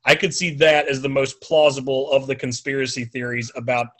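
A man's voice: medium pitch, fairly even intonation, a little fast, a bit bright. A middle-aged man with a Southern US accent, co-hosting a podcast and telling stories in a joking, casual way. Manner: joking, storytelling. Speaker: podcast co-host. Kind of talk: casual chat.

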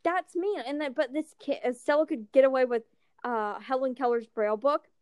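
A woman's voice: sits high, fairly quick, smooth, no echo, clean studio sound. A young woman telling stories in casual chat, acting out the people she quotes and swearing freely. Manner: animated, acts out quotes, swears.

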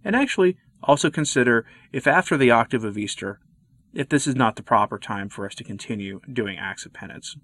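Man, commentary host, earnest and measured, mid-pitched voice, dry close sound. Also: expressive, fairly bright tone, no echo. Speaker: Catholic commentary video host. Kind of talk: scripted commentary to camera.

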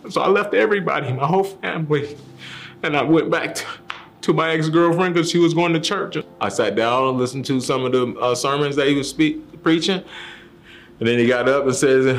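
A man's voice: mid-range voice, moderate pace. A man giving a personal faith testimony, telling his story earnestly and acting out the voices of the people in it. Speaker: testimony speaker. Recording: soft music underneath.

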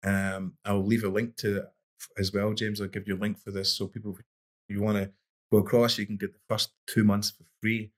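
On a podcast, a middle-aged boxing coach recounts stories in a casual, conversational manner, frequently backing up to restart. He speaks at a moderate pace in a lowish voice with little pitch movement.

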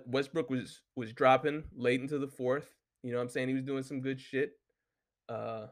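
A man hosting a solo talk show, ranting casually and heatedly with constant swearing and lots of filler words. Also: medium pitch. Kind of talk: casual profane rant.

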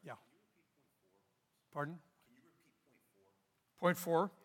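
A man's voice: fairly high pitch, fairly even intonation, very slow. A middle-aged male pastor leading a parenting seminar, teaching in an earnest, folksy way and telling stories with asides. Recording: long hall reverb.

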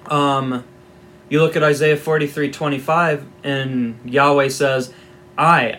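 A man's voice: medium pitch, a bit bright, slight background noise. A man giving an informal Bible teaching, reading scripture aloud and explaining it in a conversational, wry way with asides.

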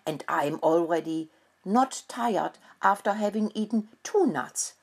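A woman voicing a lively little girl mouse in a storybook, talking in a squealing, chirpy way. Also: medium pitch, unhurried, breathy edge. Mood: proud.

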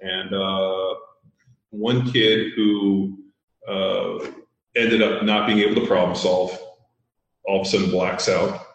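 A man's voice: low voice, flat delivery, slow pace, lo-fi sound. Blunt, profane man in an echoey room. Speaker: podcast host. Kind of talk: casual storytelling chat.

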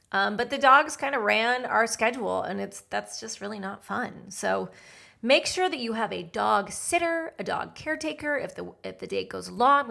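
A woman's voice: fairly high pitch, gravelly, pushed and bright. A middle-aged woman, a matchmaker hosting a podcast, giving blunt, feisty dating advice in a chatty monologue.

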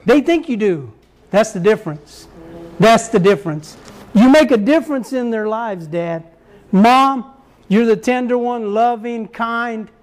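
A man's voice: very high voice, animated, a little slow. A middle-aged man, preaching a folksy, repetitive sermon that mixes family stories with exhortation.

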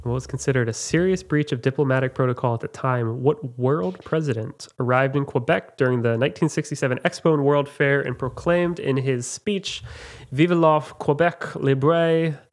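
Brisk and hardly pausing, a man with a mid-range voice runs a casual trivia quiz. He reads the questions, pokes fun at himself, and fills his chatter with lots of fillers.

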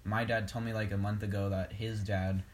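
Very low-voiced, flat young woman. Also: moderate pace, slight background noise. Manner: rambling storyteller. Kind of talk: casual chat.

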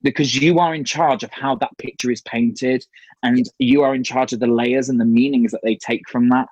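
A man's voice: medium pitch, steady tone, normal speed, darkish tone, breathy edge, dry recording, muffled recording. A man, a drag performer, chatting casually on a panel and laughing through his stage stories.

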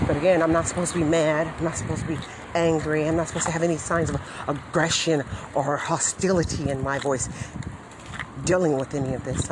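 A woman's voice: low-pitched, fairly even intonation, fairly quick, noisy background. Woman, 40s, bitter furious rant outdoors by a busy street. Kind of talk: angry rant vlog.

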